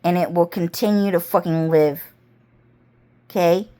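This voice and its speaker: A woman's voice: fairly even intonation, unhurried, warm tone, clear, resonant tone. A woman vlogger delivering a rambling, intense monologue full of swearing. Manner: profane, intense, swinging pitch and pace.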